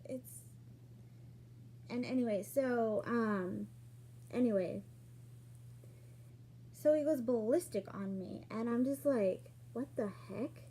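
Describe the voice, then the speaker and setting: A woman telling a personal story in a casual vlog, acting out what people said with sudden jumps in pitch and loudness. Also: takes it slowly, pauses often, a little hiss or hum. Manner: animated, acts out quoted lines with sudden jumps in pitch and loudness.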